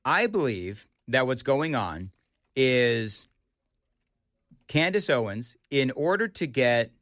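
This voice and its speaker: Lively male radio talk host. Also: medium pitch, no echo, studio quality. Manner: animated, joking, quick back-and-forth. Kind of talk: casual morning radio banter. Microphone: studio microphone.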